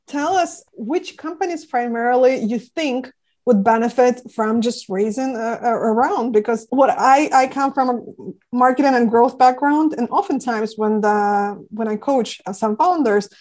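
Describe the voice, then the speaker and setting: A woman hosting a business podcast interview, chatty and animated, acting out the people she coaches. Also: on the high side, a little slow. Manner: chatty, animated, acts out founders in quotes. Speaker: podcast host. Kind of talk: casual interview.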